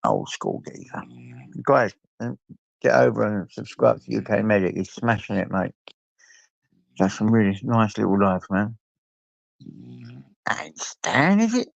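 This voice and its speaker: Older English man, low gravelly voice, rambling live-stream host with dull lo-fi sound. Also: lively intonation, a little slow, pauses often, no echo. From England. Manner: rambling, greets viewers by name, swears freely. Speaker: livestream host. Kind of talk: late-night livestream chat.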